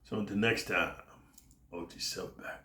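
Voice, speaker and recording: A man's voice: lowish voice, moderate pace, pushed and bright. A middle-aged man telling a story in a brash, foul-mouthed rant for his channel, often dropping "man" and "dude". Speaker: YouTube storyteller. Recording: roomy echo.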